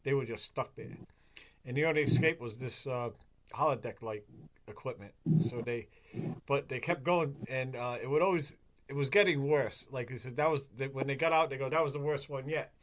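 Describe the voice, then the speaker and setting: A man's voice: medium pitch, normal speed. A man chatting casually on a podcast, rambling and swearing as he retells stories. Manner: rambling, profane, animated storytelling. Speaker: podcast host. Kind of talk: casual chat.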